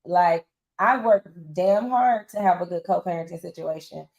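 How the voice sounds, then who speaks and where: A woman's voice: on the low side, normal speed, vocal fry, echoey room, dull audio. A woman in her forties, a reality show guest telling her story bluntly and casually with slang, acting out other people's lines. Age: 40s. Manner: animated, acts out others' lines in quotes. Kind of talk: candid interview storytelling.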